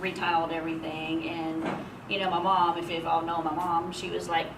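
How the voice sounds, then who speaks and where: Her voice is deep and her delivery flat, moving at a moderate pace, as she tells chatty, laugh-filled personal stories in a eulogy. She is speaking in a memorial gathering hall, captured on a distant mic in an echoey, noisy room.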